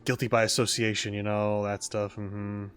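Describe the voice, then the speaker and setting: A man's voice: on the low side, level tone, moderate pace, fairly bright tone, faint music behind. A man commenting casually on a video game as he plays, rambling with frequent restarts. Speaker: gaming streamer. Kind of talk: casual let's-play commentary.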